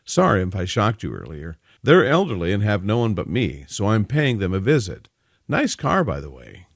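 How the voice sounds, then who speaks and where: A man's voice: lowish voice, huge pitch swings, moderate pace, gravelly, no room sound, studio quality, full character voice. A man doing a chatty easygoing young man. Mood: friendly. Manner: casual, talkative.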